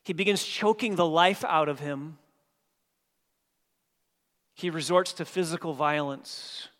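A man preaching a sermon as pastor, dynamic, swinging from hushed passages to emphatic ones. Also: on the high side, slow pace. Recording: long hall reverb.

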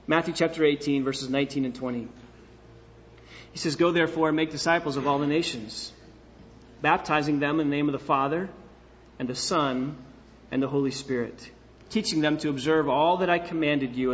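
A man's voice: mid-range voice, steady tone, normal speed, in a large hall, highs cut off, slight background noise. A male pastor preaching a sermon in earnest, asking rhetorical questions and repeating key phrases.

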